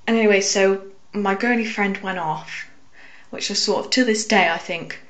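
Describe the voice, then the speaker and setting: A young woman telling a personal story to camera, hesitant with frequent fillers and soft asides. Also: mid-range voice, normal speed. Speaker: vlogger.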